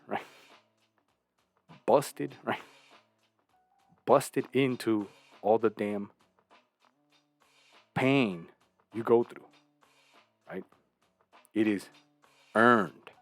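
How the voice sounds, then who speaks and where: A man's voice: mid-range voice, no room sound. A man hosting a casual monologue, preaching his views and asking "right?" again and again, sometimes acting out other people. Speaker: host.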